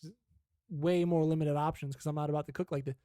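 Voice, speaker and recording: A man's voice: a little high, fairly even intonation, fast talker, warm tone, no room sound, clean studio sound. A young man co-hosting a podcast, chatting casually and telling a rambling, profane story about his dad. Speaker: podcast co-host. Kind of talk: casual chat.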